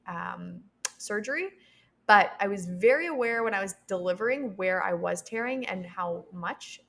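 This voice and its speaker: A young adult woman, a podcast guest, telling a personal story with lively quoted voices and frequent laughs. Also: mid-range voice, creaky. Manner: animated, acts out quoted voices; laughs between sentences.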